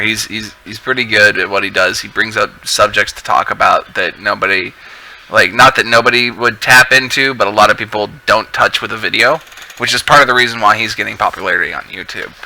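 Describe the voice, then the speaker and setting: A man with a low but strikingly bright voice chats casually on a live stream while editing. He rambles and restarts mid-thought as he works through the cuts. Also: rough recording. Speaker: video editor streaming his work.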